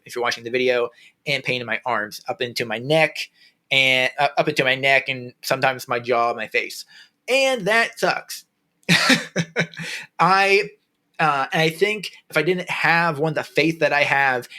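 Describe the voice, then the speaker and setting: Man, podcast host, casual solo talk, bright forceful tone, rambling restarts. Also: mid-range voice. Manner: rambling with many restarts and fillers, earnest.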